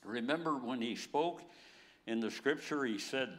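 A man's voice: mid-range voice, a little slow. A man in his nineties preaching a sermon, telling stories and chuckling often as he acts out scripture. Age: 90s.

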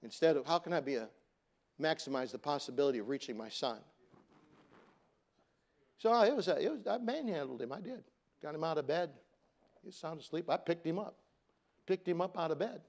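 A middle-aged pastor preaches a sermon, telling a family story conversationally and a little fast. He climbs to loud emphasis, then drops back to a soft, low voice.

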